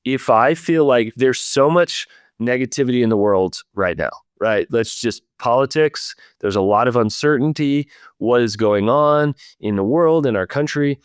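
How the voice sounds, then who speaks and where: Smooth-voiced earnest male podcast host. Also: medium pitch, animated, normal speed, no echo, studio quality. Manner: earnest, reflective, speaks straight to listeners. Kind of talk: leadership podcast conversation.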